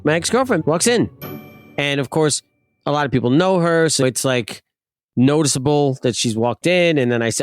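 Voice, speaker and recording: A man's voice: a little high, animated, normal speed, dry recording, soft background music. A man telling a personal story in a casual, self-mocking way, laughing as he goes. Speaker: guest storyteller.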